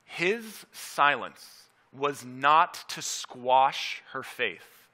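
A man's voice: medium pitch, lively intonation, drawn-out words, sharp tone. A man preaching a teaching sermon, earnest and emphatic, repeating key phrases and asking his listeners questions. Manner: earnest, asks the audience questions. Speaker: pastor.

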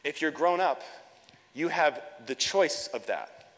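A man's voice: fairly high pitch, lively intonation, slow pace, fairly bright tone. A young man preaching a sermon in a church, earnest, often repeating words as he builds a point. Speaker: pastor. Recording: long hall reverb.

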